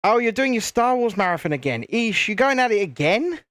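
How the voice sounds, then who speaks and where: A man's voice: sits high, big pitch swings, a little fast, fairly bright tone, dry recording, clean studio sound. A British man casually chatting and rambling with jokes while hosting a live building stream. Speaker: livestream host.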